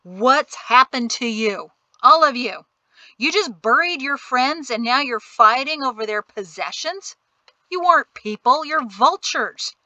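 A woman reading an audiobook voices a forceful, indignant male colonel confronting a crowd. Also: sits high, lively intonation, measured pace, no echo, voice pushed up, exaggerated voice. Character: angry male colonel, stern and blunt.

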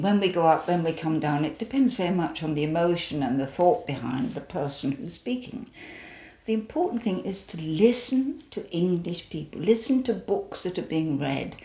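A woman teaching elocution, explaining sentence stress and intonation in a measured, emphatic way. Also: lowish voice, a little mellow. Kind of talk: conversational lesson. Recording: roomy echo.

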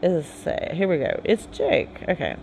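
A gamer reading game dialogue aloud in a halting way, with chatty asides in between. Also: mid-range voice, huge pitch swings, creaky, darkish tone, slight background noise, rough recording. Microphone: phone game recording with mic.

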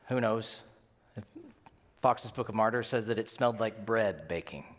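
A man preaching a sermon as senior pastor, telling stories in a lively way and acting out what the people in them say. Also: a little high, in a large hall. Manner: animated storytelling, acting out quotes. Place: church sanctuary.

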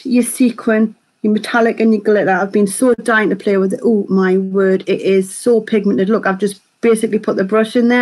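A woman, chatting quickly while hosting a live makeup tutorial and reading viewer comments aloud. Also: mid-range voice, darkish tone, rough recording. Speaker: beauty vlogger hosting a live stream.

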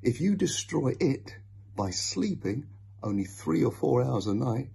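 A man playing a worried, caring mother in a storybook reading, his voice lifted well above its usual pitch. She scolds firmly and anxiously, with a husky, gravelly edge. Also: very animated, unhurried, warm tone, full character voice.

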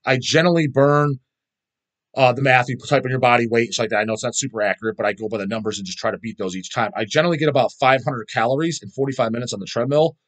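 A man's voice: mid-range voice, steady tone, fast. A middle-aged man chatting casually as a vlog host, rambling and swearing constantly as he answers viewer questions.

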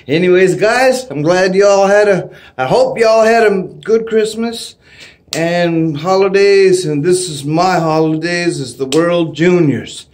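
A middle-aged man from Canada vlogging at home in a casual, excitable way, laughing often and whooping loudly. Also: sits high, takes it slowly. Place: home, indoors.

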